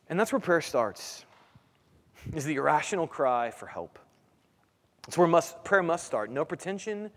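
A man's voice: sits high, long reverb tail. A man in his thirties, a pastor, preaching a sermon in a conversational way, full of rhetorical questions.

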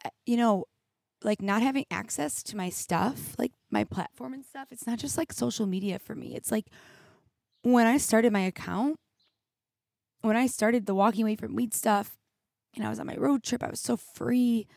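In this solo podcast monologue, the young woman hosting speaks at a normal pace in a fairly high voice with vocal fry and a slightly mellow quality. Candid and reflective, sometimes teary, she fills her talk with "like." It's studio quality with no room sound, recorded on a studio mic with headphones.

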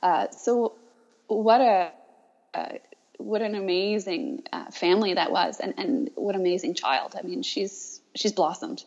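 A woman's voice: medium pitch, darkish tone. Hesitant woman on muffled audio. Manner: hesitant, halting, with restarts. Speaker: teacher and guest. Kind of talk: reflective conversation.

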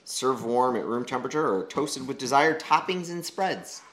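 A man's voice: mid-range voice, moderate pace, a bit bright. A man baking at home, reading recipe steps aloud in a casual, hesitant, joking way. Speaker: host baking with his child. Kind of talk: casual home cooking chat. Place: home kitchen.

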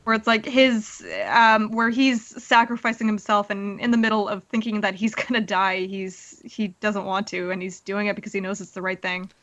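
A woman's voice: mid-range voice, little pitch movement, moderate pace, hardly any pauses, a bit bright, dull audio. A woman co-hosting a casual podcast, chatting about a game with loose fillers. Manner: chatty, loose fillers like "kinda" and "you know". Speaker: podcast co-host.

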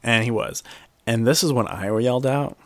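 A man's voice: medium pitch, moderate pace, no echo. A man in casual podcast conversation, recapping a TV episode and swearing freely while acting out the scenes. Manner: swears freely, animated retelling with quoted voices.

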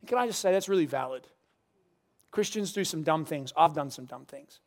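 A man's voice: fairly high pitch, lively intonation, brisk. A young adult man, a pastor preaching a sermon and telling a story with humorous asides.

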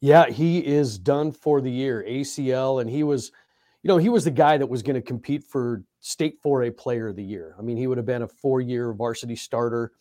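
Laid-back mellow-voiced coach on a podcast. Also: male voice, mid-range voice, moderate pace, no echo, clean studio sound. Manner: laid-back, laughing, joking. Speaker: basketball coach and podcast co-host. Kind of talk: casual sports podcast chat.

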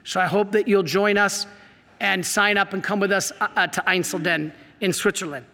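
A man, a priest, telling a story in an animated talk, laughing and acting out the quotes. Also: high-pitched, moderate pace. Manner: lively, laughs, acts out quotes, excitable. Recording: long hall reverb.

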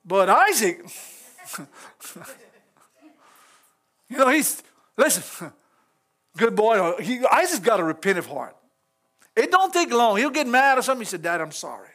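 A middle-aged man with a strikingly high voice leads an informal church sermon. His delivery is folksy and chatty, dotted with chuckles, and he speaks directly to the people in the pews. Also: very animated, a little slow, pauses often, pushed and bright. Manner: folksy, chuckling, talks straight to the congregation. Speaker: pastor.

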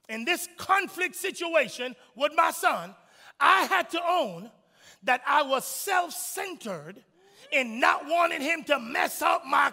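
A man preaching a sermon in church, emphatic, swinging from shouts to soft asides. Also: very high voice, gravelly, in a large hall. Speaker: pastor.

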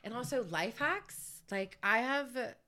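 A woman's voice: on the high side, lively intonation, takes it slowly, sharp tone. A woman guesting on a casual podcast chat at home, rambling with lots of fillers and laughter. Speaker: guest co-host. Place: home, recorded in person.

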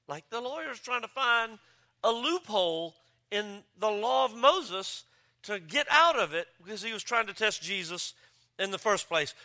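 A man preaching a sermon as pastor, joking and telling stories with lively delivery. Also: sits high, normal speed. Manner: joking, animated storytelling with voices. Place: church campus.

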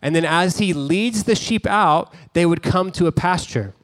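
A pastor delivers his sermon in a relaxed, conversational way, stopping for small asides as he tells a story. His speaking voice is a man's voice that sits somewhat high. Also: normal speed.

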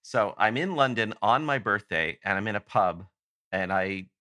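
Podcast guest, man from Canada, lowish bright voice, rambling anecdotes. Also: lively intonation, moderate pace, no echo. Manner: rambling, self-interrupting storyteller. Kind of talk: casual anecdote telling.

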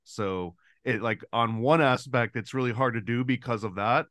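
A man's voice: mid-range voice, moderate pace, a bit bright, no room sound, studio quality. A man guest on a podcast, chatting casually and explaining his thoughts at length. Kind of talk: casual chat.

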